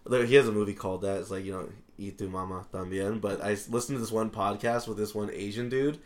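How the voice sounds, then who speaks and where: A man in a casual podcast chat, blunt and profane, quick to laugh. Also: lowish voice, fairly even intonation. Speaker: podcast co-host.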